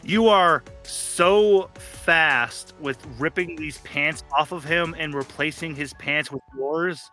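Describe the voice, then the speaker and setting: Bright-voiced man running a tabletop game. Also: a little high, slow pace. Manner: playful, laughs while narrating, does character voices. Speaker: game master. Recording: faint music behind.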